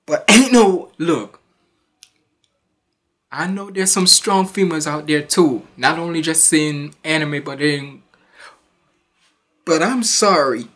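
Slow-talking joking man. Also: fairly high pitch, fairly bright tone. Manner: joking, laid-back banter with frequent apologies. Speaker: reaction video host. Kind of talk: casual reaction commentary.

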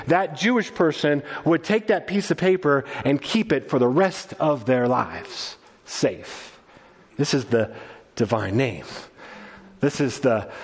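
A man's voice: fairly high pitch, in a large hall. A man preaching a sermon as pastor, teaching earnestly and often restarting his words. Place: church sanctuary.

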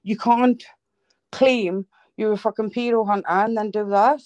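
A woman's voice: mid-range voice, fairly even intonation, measured pace, a little mellow, no echo, lo-fi sound. Sweary, heated woman ranting on a live stream. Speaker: livestream host.

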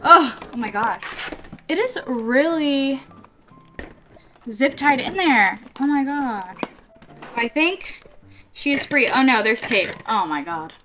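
A woman vlogger chatting excitedly to her viewers as she unboxes collectible toys, gushing and struggling with the packaging. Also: high-pitched, takes it slowly, long pauses, faint music behind. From California, USA. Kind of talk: casual unboxing vlog.

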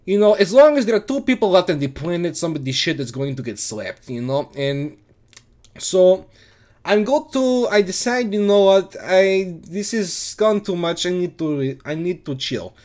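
Young man for a rambling, profane deadpan comic monologue; higher-pitched voice. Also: normal speed. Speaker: comedic storyteller. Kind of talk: improvised absurd comedy monologue.

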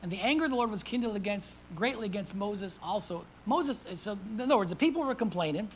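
Pastor swinging between whispers and emphasis. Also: male voice, high-pitched, animated, fast talker, a little hiss or hum, poor audio. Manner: dramatic swings from hushed whispers to loud emphasis; calls out to the congregation for responses. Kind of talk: sermon.

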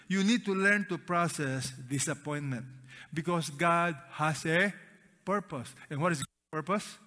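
A man's voice: fairly high pitch, pushed and bright. A man preaching a sermon to a congregation, stressing key words, asking them questions and leading them in reading aloud. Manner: asks the congregation questions and has them read along; emphatic, repeats key words. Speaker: pastor. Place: church auditorium. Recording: long reverb of a large hall.

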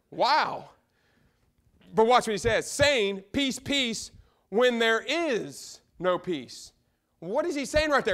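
A man with a Midwestern American accent preaches in a church sanctuary, his voice sitting high for a man. He is fervent and swings from loud outbursts down to quiet, low asides. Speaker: pastor. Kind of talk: sermon.

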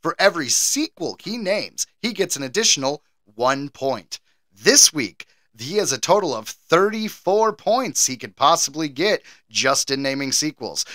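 American man, podcast co-host, animated and laughing, bright sound, dry close mic. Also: fairly high pitch, no echo. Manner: animated, laughs often, hosts the trivia game. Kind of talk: casual chat.

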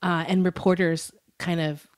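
A woman's voice: fairly low pitch, little pitch movement, measured pace. A young adult woman co-hosting a casual true-crime podcast, chatty and giggly as she reads quotes aloud. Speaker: podcast co-host.

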